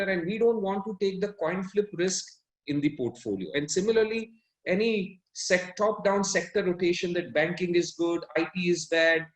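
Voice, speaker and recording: Man, fund manager on a panel, high voice, analytical, roomy echo. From India. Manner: analytical, self-correcting mid-sentence. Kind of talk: explanatory panel talk.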